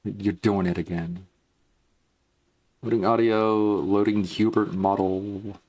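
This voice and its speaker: A man's voice: lowish voice, fairly even intonation, takes it slowly, darkish tone. A man streaming live, chatting casually and muttering asides to himself. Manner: laid-back, mumbling asides to himself.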